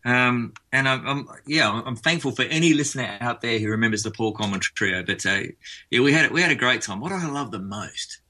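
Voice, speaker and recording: A man's voice: mid-range voice, animated, fairly quick, sharp tone. An Australian man, a musician guest in a casual radio interview, chatting in a rambling way with frequent restarts.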